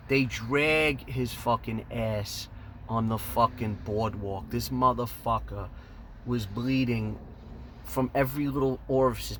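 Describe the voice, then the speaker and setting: A man telling a casual story in an animated, profane, emphatic way. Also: medium pitch, measured pace, a little hiss or hum. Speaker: storyteller host.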